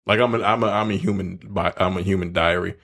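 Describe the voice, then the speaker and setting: A man's voice: low-pitched, steady tone, quick pace, vocal fry, a bit bright. A man co-hosting a casual podcast chat, talking candidly and reflectively with casual swearing. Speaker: podcast co-host.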